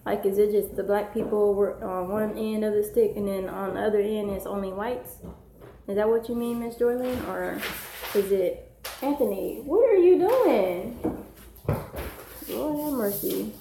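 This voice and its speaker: Woman rambling on her live stream, slangy, kinda gravelly, echoey room with a little background noise. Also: mid-range voice, fairly even intonation, normal speed, mellow. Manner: slangy, rambling, easily sidetracked. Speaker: live-stream host, mother. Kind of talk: casual live-stream chat, reading comments aloud. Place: home, with children nearby.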